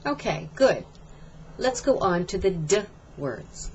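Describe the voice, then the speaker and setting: Slow, deliberate woman teaching pronunciation. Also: fairly low pitch, big pitch swings, a little mellow, lo-fi sound, a little hiss or hum. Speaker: accent reduction coach. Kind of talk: scripted pronunciation lesson.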